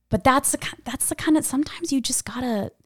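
A young adult woman telling a personal story in a casual, animated way. She talks chattily, swears freely and says "like" a lot. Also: high voice, no echo, clean studio sound.

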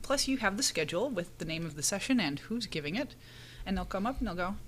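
An animated woman in casual conversation, her voice at a middle pitch. She tells stories with energy, slipping into the voices of the people she quotes and laughing along the way. A faint hum of room noise sits behind her. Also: fast. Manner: animated storyteller, acts out quoted lines, laughs often. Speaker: podcast panelist and conference speaker. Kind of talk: casual chat, storytelling.

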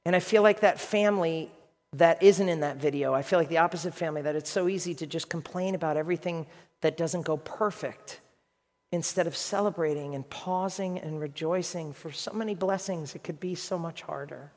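A man in his fifties, a pastor preaching a sermon with animated, emphatic storytelling. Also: fairly high pitch, a little fast, in a large hall. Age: 50s.

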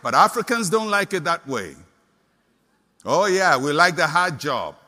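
An older Ghanaian man preaching a sermon as pastor, impassioned and rising to shouts on repeated declarations. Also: on the high side, sing-song, measured pace, big-room sound.

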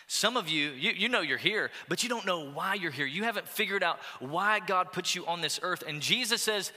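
A man preaching a sermon as pastor, energetic and urging, with call-and-response asides to the congregation. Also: high-pitched, normal speed, few pauses, big-room sound. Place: church auditorium.

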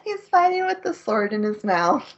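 A woman with a fairly high, very animated voice speaks at a moderate pace, and the audio sounds dull. She's co-hosting a laid-back podcast, recapping an anime's plot and laughing a lot along the way.

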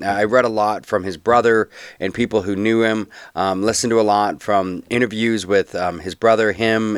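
Low-voiced chatty man. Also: dry recording, clean studio sound. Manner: loose and chatty, with many ums and restarts. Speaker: podcast host. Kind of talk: casual podcast narration.

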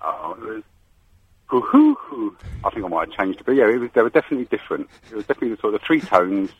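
A man's voice: on the low side, lively intonation, rapid-fire, breathy edge, lo-fi sound. A man calling in to a radio show, hesitant and full of ums, with a sheepish laugh. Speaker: radio caller. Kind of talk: phone-in call.

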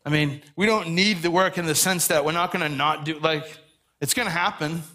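A man's voice: fairly high pitch, brisk, pushed and bright. Earnest male pastor preaching conversationally. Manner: earnest, conversational, self-deprecating storytelling. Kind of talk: sermon.

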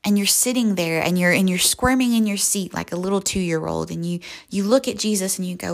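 A young woman hosting a devotional podcast, slowly and softly guiding a visualization, sometimes dropping to a whisper. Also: mid-range voice, vocal fry. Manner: slow, soft and reflective, often near a whisper. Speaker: podcast host. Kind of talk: guided visualization and devotional talk.

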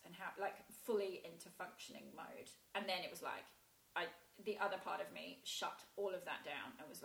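A woman telling a painful personal story in a halting way, with many restarts and fillers. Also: lowish voice, vocal fry, a bit bright. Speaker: guest sharing a personal story. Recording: roomy echo.

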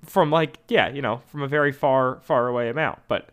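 A man's voice: medium pitch, brisk, clean tone. A man co-hosting a podcast, chatting casually and rambling as he recaps an episode. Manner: animated, rambling with restarts and quoted asides. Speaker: podcast co-host. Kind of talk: casual chat recapping a radio drama episode.

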